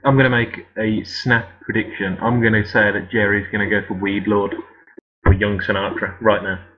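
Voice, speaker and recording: A man's voice: lowish voice, little pitch movement, normal speed. A man chatting on a gaming stream, opinionated and laughing often. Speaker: stream co-host. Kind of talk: casual stream chat. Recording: dull lo-fi voice chat.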